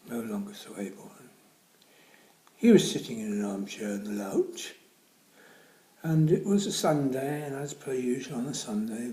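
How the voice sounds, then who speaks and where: A man's voice: medium pitch, expressive, unhurried, mellow, reverberant, poor audio. A man telling comic anecdotes in a dry style, often dropping to a near-whisper. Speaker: comedian. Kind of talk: comic storytelling.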